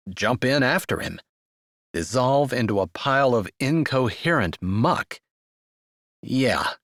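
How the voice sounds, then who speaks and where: A man reading a romance audiobook aloud in expressive, measured storytelling narration. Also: medium pitch, dry recording, clean studio sound. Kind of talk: scripted narration.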